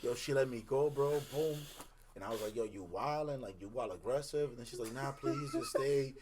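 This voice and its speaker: A young man tells a wild story on a podcast in loose, casual chat. He acts out every quote and breaks into laughter. The recording has a steady hiss of background noise behind him. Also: medium pitch, brisk. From Dominican heritage. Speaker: podcast co-host.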